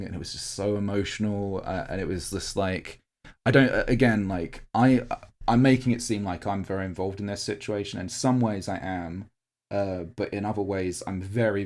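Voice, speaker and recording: A man's voice: low-pitched, darkish tone. A man co-hosting a podcast, telling a long, heartfelt and rambling story about a live-action roleplay event, full of fillers and restarts. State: tearing up. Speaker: podcast co-host. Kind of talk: casual podcast chat recounting a larp event.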